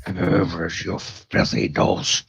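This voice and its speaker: Guy putting on a dumb husky bugbear, broken grammar, low and slow, kinda muffled. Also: very animated, dry recording, exaggerated voice. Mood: defiant. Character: captive male bugbear, defiant and dim-witted. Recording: dull lo-fi sound.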